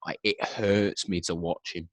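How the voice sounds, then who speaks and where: A man's voice: deep voice, steady tone, unhurried, no room sound. A young man, co-hosting a casual podcast and speaking bluntly, swearing freely as he gives his opinions. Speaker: podcast co-host. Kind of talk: casual chat.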